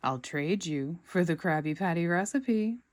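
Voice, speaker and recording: A woman's voice: on the low side, animated, a little slow. A woman voicing a scheming tiny male plankton villain in a storybook read-aloud, eager and wheedling.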